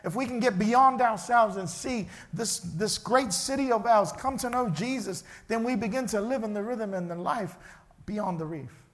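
A man's voice: high voice, moderate pace. A male pastor, preaching a sermon in a church and acting out the people in his story. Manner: animated, acts out the characters' voices.

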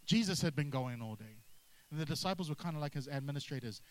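A man preaching a sermon, energetic and drawing responses from the congregation. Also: fairly high pitch, fast, rough recording. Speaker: pastor.

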